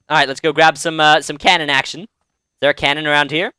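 A man's voice: fairly high pitch, quick pace, bright, forceful tone, smooth, dry recording, clean studio sound. A man hosting a let's-play, chatting casually and rambling through commentary with many fillers and restarts. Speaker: game let's-play host.

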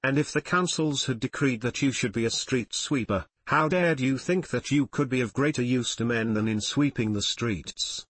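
A man's voice: mid-range voice, normal speed, few pauses, a bit bright, husky, no room sound. A man voicing a harsh, contemptuous male scholar in an audiobook.

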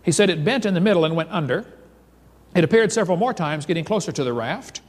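A man's voice: on the high side, fast. Storytelling man in an echoing hall. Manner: animated storyteller reading accounts aloud. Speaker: creationist seminar speaker. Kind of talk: storytelling seminar lecture. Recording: reverberant lecture hall.

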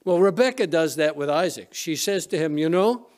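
A man's voice: a little high, expressive, fairly quick, darkish tone. A male pastor preaching a sermon in a church, retelling a story conversationally with frequent restarts. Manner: storytelling, retelling scenes with quoted voices. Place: church sanctuary.

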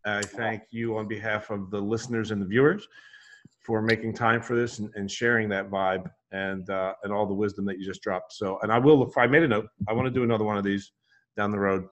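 A male podcast host with a fairly low voice, talking in a relaxed, slangy, upbeat way. He laughs easily and keeps the chat loose. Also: a little fast. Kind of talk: casual interview chat.

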